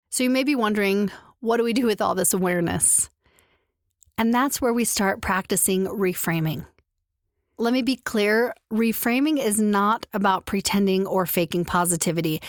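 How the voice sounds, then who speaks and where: Woman podcast host, gentle, encouraging, medium pitch, dry close sound. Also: no room sound. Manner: gentle, encouraging, speaks to the listener directly. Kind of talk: reflective solo podcast talk.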